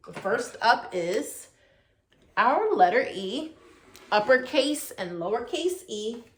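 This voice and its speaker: A woman's voice: fairly high pitch, very animated, slow pace. A woman teaching a virtual preschool class, sounding out letters in a sing-song, coaxing way and asking the children questions. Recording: echoey room.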